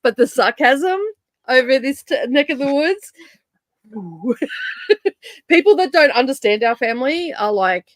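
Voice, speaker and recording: A woman's voice: sits high, very animated, slow, long pauses, no room sound. Giggly, sarcastic woman streamer, dry sound. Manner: laughs often, sarcastic and rambling. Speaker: streamer hosting a reading sprint. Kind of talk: casual chat.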